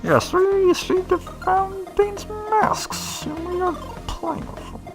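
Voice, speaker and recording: A man, the podcast host, doing a slow, menacing impression of a masked male supervillain. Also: very high voice, over music, pitched above the performer's own voice, exaggerated voice.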